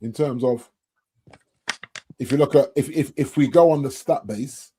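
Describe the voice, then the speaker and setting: A man on a football podcast panel, telling animated stories in casual chat. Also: mid-range voice, a little slow, slight background noise.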